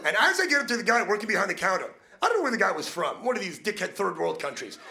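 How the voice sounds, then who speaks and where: Brash high-voiced stand-up comic. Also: male voice, very fast, creaky. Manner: brash, crude, animated punchlines. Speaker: stand-up comedian. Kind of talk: stand-up comedy set.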